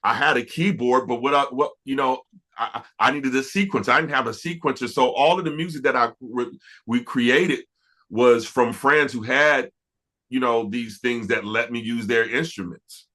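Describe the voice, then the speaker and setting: A middle-aged man, an R&B producer, telling stories in a casual interview, animated and stumbling over restarts. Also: medium pitch, moderate pace. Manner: animated, laughing storyteller with many restarts.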